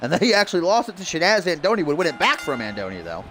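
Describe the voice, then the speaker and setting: A man doing excitable play-by-play for a wrestling video game stream, laughing at the action and reading viewer tweets. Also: fairly high pitch, rapid-fire, soft background music.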